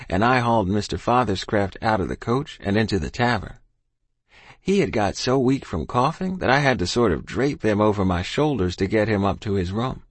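A man's voice: on the low side, no echo. A man narrating a first-person story in plain, folksy rural dialect, recorded close in a dry studio. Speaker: audiobook narrator.

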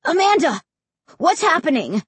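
A woman's voice: sits high, unhurried, breathy edge, no room sound, pitched above the performer's own voice, full character voice. A woman voicing a timid, easily scared young boy who calls out nervously in a storybook reading. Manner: hesitant, calling out nervously.

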